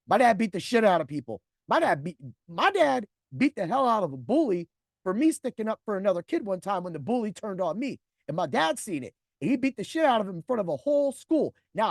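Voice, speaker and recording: A man in his forties tells a personal story on his podcast, blunt and heavy on profanity. His pitch swings widely as he acts out other people's lines. The recording is dry and close, with no room sound. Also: creaky, dry recording. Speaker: podcast host.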